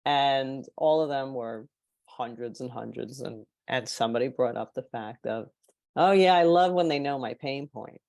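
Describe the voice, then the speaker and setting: Low-voiced woman telling lively stories. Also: moderate pace, creaky, dry recording. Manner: animated, acts out quoted people. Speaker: podcast guest, marketing consultant. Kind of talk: storytelling in casual chat.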